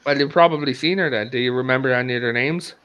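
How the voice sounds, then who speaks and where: An Irish podcast host from the Republic of Ireland leads a casual chat, telling animated stories and laughing often. He has a mid-range voice, speaks fast, and the recording's highs are cut off.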